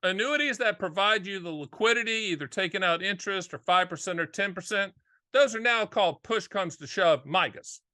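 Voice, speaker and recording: An upbeat, jokey man talks straight to the viewer as host, with a lot of energy. His voice is bright and forceful and a little higher than most men's. The recording is dry and close, with no room sound. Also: fairly quick, no echo. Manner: upbeat, jokey, animated, conversational. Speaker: host and annuity agent. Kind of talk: casual solo video monologue.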